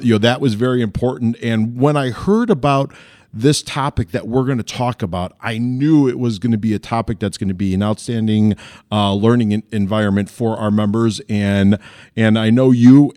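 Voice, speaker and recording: A man's voice: fairly low pitch, fairly quick, darkish tone, no echo, studio quality. A man hosting an interview call, enthusiastic, with frequent ums and uhs. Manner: enthusiastic, uses um and uh. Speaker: host.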